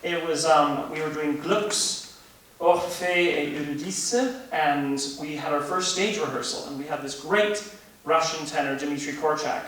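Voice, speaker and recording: A young man from Canada, an opera singer, telling stories in an animated interview manner. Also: on the high side, a little slow. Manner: animated storyteller who laughs while telling anecdotes. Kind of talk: conversational interview. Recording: echoey room with faint hiss.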